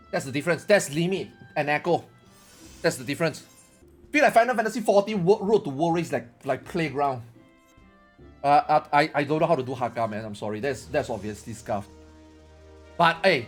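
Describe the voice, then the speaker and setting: A man's voice: sits high, very animated, moderate pace, a bit bright, soft background music. A male gaming streamer giving a casual opinion rant, rambling, repetitive and emphatic.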